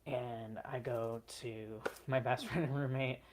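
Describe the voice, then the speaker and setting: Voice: mid-range voice, fairly even intonation, measured pace, noisy background. Chatty earnest vlogger telling a story. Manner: chatty, frequent "like" and "um" fillers; earnest, emotional retelling. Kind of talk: personal storytelling.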